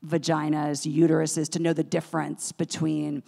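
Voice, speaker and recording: Brief: woman interviewer, lowish gravelly voice, chatty and playful, live hall reverb. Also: completely flat delivery, moderate pace, warm tone. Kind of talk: onstage interview.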